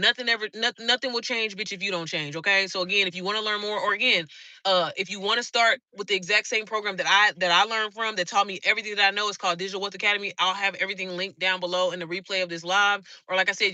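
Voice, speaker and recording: A woman's voice: mid-range voice, fairly even intonation, fast, pushed and bright, dry recording. A woman coach talking to viewers on a live stream, fired up, blunt and full of swearing. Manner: fired-up, blunt and heavily profane. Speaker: online business coach.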